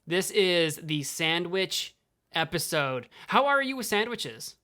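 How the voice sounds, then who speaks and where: Bright-voiced young man, playful podcast chat. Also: sits high, very animated, takes it slowly. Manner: playful, jokey, laughs often. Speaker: podcast co-host. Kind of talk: casual chat.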